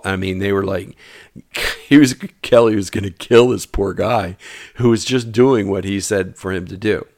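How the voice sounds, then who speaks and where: A man's voice: low voice, moderate pace, gravelly, dry recording, clean studio sound. A man telling a personal story in a casual way, acting out the dialogue and dropping to a mutter at times. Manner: animated, acts out dialogue, drops to mutters.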